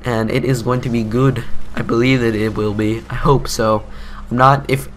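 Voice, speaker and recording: A teenage boy with a medium-pitched, level voice speaks at a moderate pace while giving casual gameplay commentary. He tells a rambling, self-mocking story, and there is slight hiss or hum in the audio.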